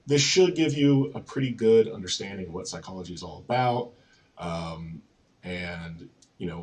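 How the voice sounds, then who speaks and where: A young man teaching an intro psychology course from slides, relaxed and casual, with plenty of ums and you-knows. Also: sits low, recorded from a distance. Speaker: psychology lecturer.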